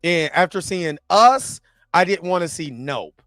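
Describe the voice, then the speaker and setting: A man's voice: high voice, animated, a little slow, a bit bright, no room sound, clean studio sound. A man co-hosting a podcast, talking in a laid-back, rambling way with lots of fillers. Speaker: podcast co-host. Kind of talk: casual chat.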